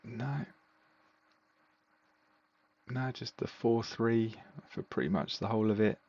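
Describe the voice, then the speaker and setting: A podcast co-host chats casually about fantasy football results, relaxed and rambling with plenty of fillers. His voice is fairly low, slow, and gravelly, and the audio is dull.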